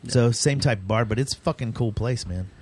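A man's voice: mid-range voice, normal speed, darkish tone, breathy edge. A man hosting a podcast in casual chat, rambling and swearing as he talks, laughing often. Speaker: podcast host.

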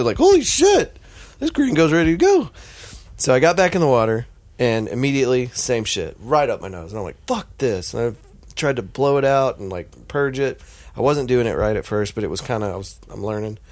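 An American man casually telling a story on a podcast, animated and profane, acting out the voices of the people in it. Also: medium pitch, fairly quick, no echo. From United States.

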